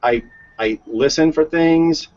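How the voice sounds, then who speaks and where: A man's voice: a little high, slow pace, a little mellow. A man co-hosting a casual conversation, chatty and given to repeating words as he tells stories. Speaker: co-host. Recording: dull lo-fi sound.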